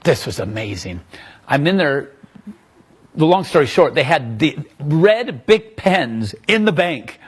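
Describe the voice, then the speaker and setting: A man's voice: a little high, big pitch swings, unhurried, breathy edge. A man presenting his own magic trick on a live sales show, joking, laughing often and telling stories. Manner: jokey, laughs often, storytelling. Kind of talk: casual live demo chat.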